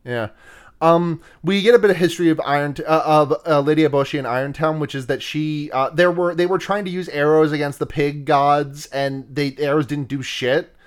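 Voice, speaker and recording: A man's voice: a little high, fairly even intonation, fairly quick, clean tone. A man hosting a podcast, casually retelling a film's plot, profane and giggly, rambling with restarts. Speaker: podcast host.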